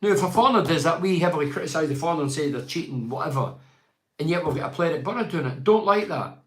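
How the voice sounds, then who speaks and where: A man's voice: on the high side, expressive, quick pace. A man, giving a blunt, opinionated football match review and reading fan emails. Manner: blunt, ranting, quotes others in mock voices. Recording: echoey room.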